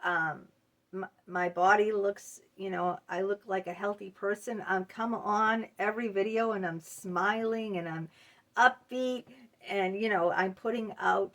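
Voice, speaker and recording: A woman's voice: mid-range voice, fairly bright tone. A middle-aged woman hosting her own channel, talking straight to camera in a candid, confessional way that often halts on fillers and restarts. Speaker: channel host. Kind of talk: confiding to-camera monologue.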